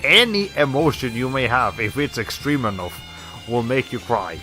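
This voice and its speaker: A man's voice: medium pitch, expressive, normal speed, music in the background. A man giving casual, rambling commentary while playing a video game. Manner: rambling, self-correcting, chuckling. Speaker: streamer. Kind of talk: casual let's play commentary.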